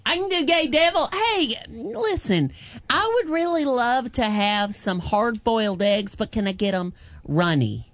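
A man putting on a campy high-voiced devil. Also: expressive, unhurried, a bit bright, dry recording, heavily acted. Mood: sly. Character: flamboyant campy male devil, teasing and sly.

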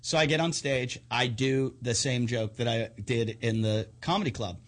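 A man's voice: mid-range voice, moderate pace. A man, a stand-up comedian, telling profane stories in casual chat and acting out the people in them. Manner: profane, animated storytelling with quoted voices.

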